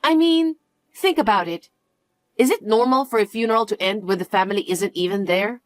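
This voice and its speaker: A woman's voice: mid-range voice, a little fast, dry recording, lightly acted. A woman voicing a suspicious young adult daughter who questions everything in an incredulous, dismissive way. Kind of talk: dialogue story acting.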